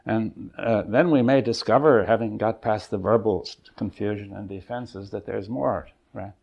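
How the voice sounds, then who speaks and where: An older man leading a seminar, thinking aloud in a halting, searching way and often checking in with his listeners. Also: on the low side, gravelly, husky, dull audio. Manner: thoughtful, halting, often checks in with "right?" and "you see". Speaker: seminar leader. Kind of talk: exploratory seminar talk. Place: seminar room.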